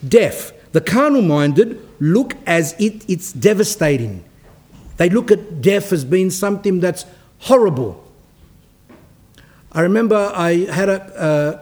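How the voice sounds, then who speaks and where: A man's voice: fairly high pitch, darkish tone. A man, a priest giving a spoken sermon in a rambling, anecdotal way with frequent restarts.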